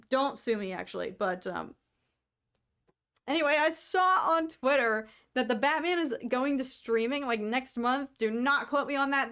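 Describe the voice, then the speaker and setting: A young woman from the United States, co-hosting a podcast, chatting casually to viewers with quick asides and frequent laughter. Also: sits high, fairly bright tone, clean tone. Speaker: podcast co-host. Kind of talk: casual solo chat to viewers.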